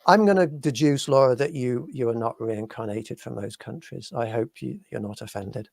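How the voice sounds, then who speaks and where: A man from the UK co-hosting a live paranormal talk show, speaking in a measured, hesitant way as he searches for words. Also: mid-range voice, vocal fry, darkish tone, no room sound, clean studio sound. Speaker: podcast co-host.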